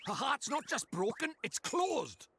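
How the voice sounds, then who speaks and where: A man's voice: very high voice, very animated, unhurried, vocal fry, sharp tone, a little hiss or hum, heavily acted. A man voicing a cheeky Welsh fairy sidekick. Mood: chatty. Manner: chatty, folksy.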